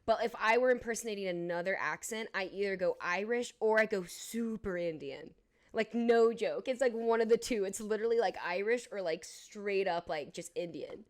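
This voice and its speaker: A woman's voice: mid-range voice, moderate pace. A woman co-hosting a podcast in casual chat, playful and teasing. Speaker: podcast co-host.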